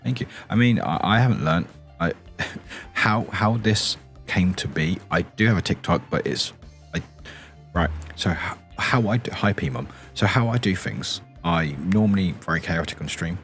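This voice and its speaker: A man chatting softly on a stream in his deep morning voice, rambling and chuckling often. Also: animated, moderate pace, soft background music. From England. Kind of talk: soft-spoken casual stream chat.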